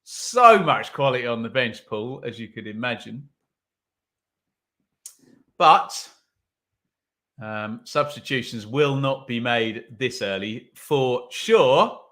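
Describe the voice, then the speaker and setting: A man's voice: medium pitch, lively intonation, takes it slowly, pauses often, sharp tone. A man hosting a live football watch-along, commenting on play and reading viewer comments with wry asides.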